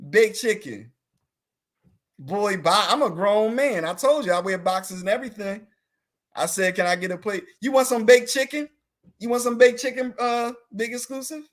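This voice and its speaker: A man's voice: high-pitched, lively intonation, moderate pace, a bit bright. A man chatting casually on a talk show, playful and teasing, laughing often and drawing out words for emphasis. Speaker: talk show guest answering live comments. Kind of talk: casual comedic chat.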